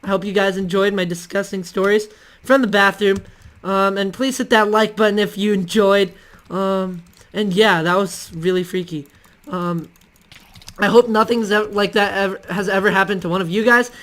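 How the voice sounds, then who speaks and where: A man's voice: high voice, steady tone, moderate pace, a bit bright. A male channel host telling casual stories to the camera in a rambling, hesitant way, full of ums and restarts.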